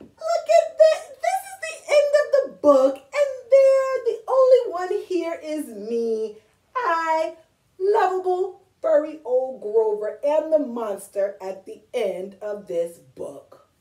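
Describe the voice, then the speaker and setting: Grover, a woman doing a squeaky teary monster. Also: big pitch swings, slow pace, dark tone, heavily acted. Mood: amazed. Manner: high squeaky pleading, teary. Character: furry lovable blue monster, anxious and pleading. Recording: echoey room, distant mic.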